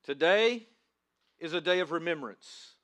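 A man's voice: a little high, normal speed. A man pastor preaching a sermon, praying and then reading and acting out scripture with dramatic emphasis. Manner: dramatic, shouting crowd voices in reenactment.

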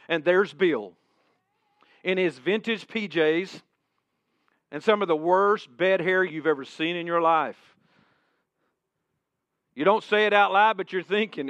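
High-voiced preacher telling a story. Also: male voice, dry recording. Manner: vivid second-person storytelling, drops to a hush at key points. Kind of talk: sermon storytelling. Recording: dull, dry sound.

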